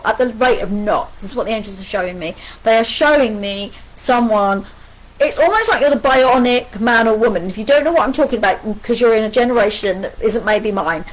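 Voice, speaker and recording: A middle-aged woman, giving a live pick-a-card angel reading in a chatty, animated way, full of rhetorical questions. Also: on the high side, rough recording.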